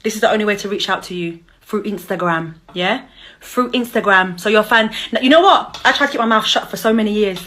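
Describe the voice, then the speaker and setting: Ranting woman, bright voice. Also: medium pitch, fairly quick. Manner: ranting, cussing, mocking. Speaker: vlogger, mother. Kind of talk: angry call-out vlog.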